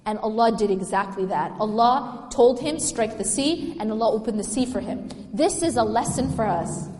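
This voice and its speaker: High-voiced woman lecturing in an echoey hall. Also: lively intonation, normal speed, darkish tone. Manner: engaging, asks the audience questions. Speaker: religious lecturer. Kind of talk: religious lecture to a live audience.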